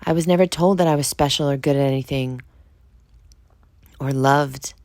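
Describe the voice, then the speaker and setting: Low-voiced woman, frank podcast monologue. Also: fairly even intonation, normal speed, a little mellow, no room sound. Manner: frank and confessional, swears freely; conversational, asks listeners direct questions. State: just woke up. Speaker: podcast host. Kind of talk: candid solo monologue.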